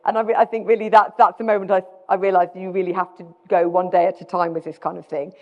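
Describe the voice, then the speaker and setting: A woman's voice: medium pitch, little pitch movement, fast talker, hardly any pauses. A middle-aged British woman with a British accent, giving a self-deprecating live talk as a guest speaker, often restarting her sentences. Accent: British English. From Britain. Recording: dull sound with long hall reverb.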